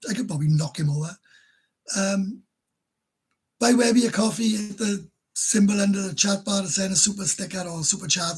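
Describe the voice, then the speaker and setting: A Welsh man chats casually through viewer comments on his live stream. His voice sits a little high and sounds husky, and he rambles bluntly, often laughing at himself. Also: poor audio. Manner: blunt, rambling, self-mocking.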